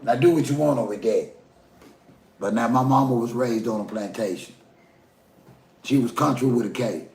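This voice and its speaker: A man's voice: medium pitch, normal speed, long pauses, darkish tone, reverberant, a little hiss or hum. A man from the American South with a Southern accent, giving a folksy, preachy opinion rant and talking straight to his viewers. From Southern United States. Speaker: commentary vlogger.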